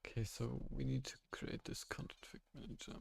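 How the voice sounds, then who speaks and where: A young man streaming while coding, chatting casually with his viewers and thinking aloud in a halting way with frequent laughs. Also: medium pitch, level tone, vocal fry, a little hiss or hum.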